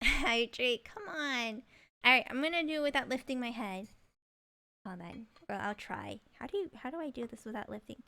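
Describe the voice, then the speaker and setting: Playful high-voiced woman streaming a game. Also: normal speed, vocal fry, sharp tone. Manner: playful, giggly, chatting to viewers. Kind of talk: casual live-stream chat and reading game lines. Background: game music.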